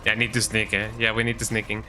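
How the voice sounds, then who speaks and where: A man's voice: fairly low pitch, completely flat delivery, quick pace, sharp tone, slight background noise. A man streaming a video game, chatting casually in a rambling way and tagging lines with "eh". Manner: rambling, frequent "eh" tag. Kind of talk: casual gameplay commentary.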